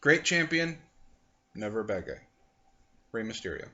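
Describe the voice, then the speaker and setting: A man's voice: on the low side, big pitch swings, normal speed, sharp tone. A man hosting a casual podcast chat. He tells long stories full of details, with fillers along the way. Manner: rambling storyteller, recounting details with fillers. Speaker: podcast host. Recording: muffled lo-fi recording.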